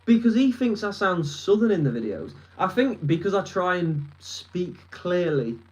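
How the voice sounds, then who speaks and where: In a low-quality recording, a man in his twenties from northern England, with a Lancashire accent, rambles and swears while answering a live stream chat from his room at a desk. His high voice is very animated, with a darkish tone and a measured pace.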